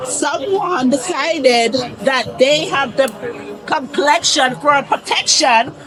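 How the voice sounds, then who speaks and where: A woman's voice: high-pitched, slow pace, music in the background. A woman arguing with police in a rambling, defiant, agitated way, picked up by an officer's body camera. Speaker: arrested suspect. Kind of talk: heated confrontation with police. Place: theme park, among guests. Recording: bodycam audio with crowd noise.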